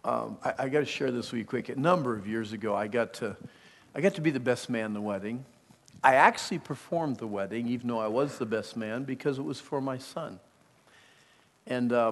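A middle-aged male preacher with a gravelly, fry-laden voice, delivering an emphatic sermon. He drops to near-hushed confiding tones, then surges loud. His words ring out with the long reverb of a big hall. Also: medium pitch. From Pennsylvania.

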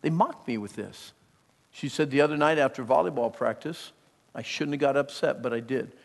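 A middle-aged man preaching a sermon, emphatic, moving from hushed, intimate lines to loud bursts, with storytelling asides. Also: medium pitch, normal speed, gravelly, big-room sound. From Pennsylvania.

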